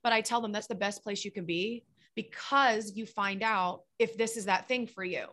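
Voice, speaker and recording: A woman's voice: medium pitch, moderate pace. A woman hosting a podcast as a business coach, talking casually and acting out her clients' complaints. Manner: animated, acts out clients' complaints.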